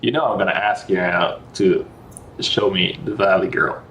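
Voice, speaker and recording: A man hosting a casual podcast, talking in a relaxed, musing way that trails off. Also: deep voice, normal speed, lo-fi sound, slight background noise. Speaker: podcast host.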